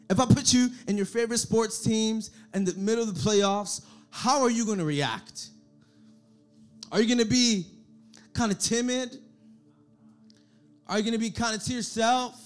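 A young man preaching to a young adult church group, energetic and repetitive, often calling out for the crowd to answer. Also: extremely high pitch. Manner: energetic, repetitive, calls for audience response. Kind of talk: sermon.

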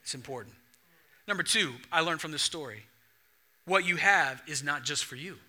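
High-voiced animated male preacher. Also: moderate pace, pauses often, slight background noise. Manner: animated storytelling, acts out dialogue. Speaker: pastor. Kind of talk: sermon.

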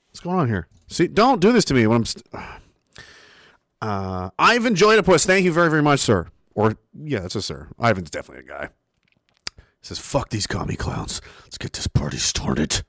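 A man's voice: mid-range voice, a bit bright, dry recording, studio quality. A young man, hosting a casual livestream, reading chat messages aloud and talking in a rambling, profane way.

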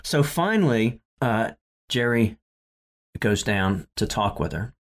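A man's voice: lowish voice, animated, slow. Rambling, laughing man recapping episodes. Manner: rambling, laughs often, many fillers and restarts. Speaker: podcast co-host. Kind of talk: casual chat recapping episodes.

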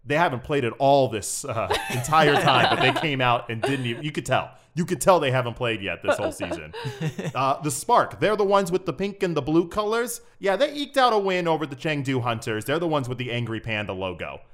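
A man playing a cheerful, show-off male esports sportscaster in a comedic podcast bit, talking in an excitable, hammy way. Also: medium pitch, a little fast, lightly acted. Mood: chatty. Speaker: sports news segment persona.

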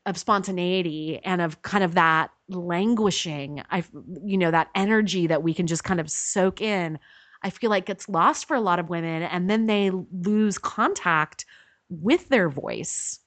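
A woman's voice: fairly low pitch, unhurried, a bit bright, no echo. A woman hosting a podcast, a mother, asking thoughtful questions in a casual, reflective way. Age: young adult to middle-aged mother. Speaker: podcast host. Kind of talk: casual conversational interview.

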